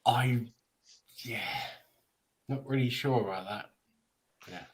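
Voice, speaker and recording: A man's voice: medium pitch, takes it slowly, rough recording. A man co-hosting a casual football podcast, hesitant and full of ums. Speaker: podcast co-host. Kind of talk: casual fan podcast chat.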